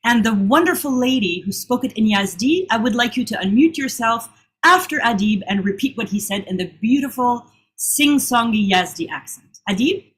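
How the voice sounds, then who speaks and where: Lively woman telling a story online. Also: a little high, normal speed. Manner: warm, enthusiastic storyteller. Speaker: guest presenter and author. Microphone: video call.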